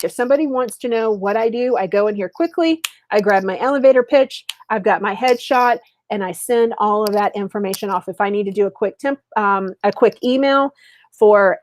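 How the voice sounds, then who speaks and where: A middle-aged woman business coach giving an upbeat, chatty webinar sales pitch, speaking straight to her viewers. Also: darkish tone, no room sound.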